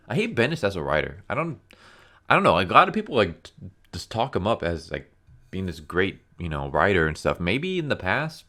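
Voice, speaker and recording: A man with a very low voice delivers a casual comic book review as a rant. He sounds blunt and exasperated and keeps leaning on fillers like "like" and "you know.". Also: a bit bright.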